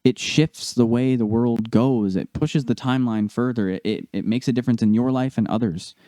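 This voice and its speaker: A young man co-hosting a casual podcast, telling a story with lively delivery and acting out the people he quotes. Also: medium pitch, moderate pace, dry recording, studio quality. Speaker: podcast co-host.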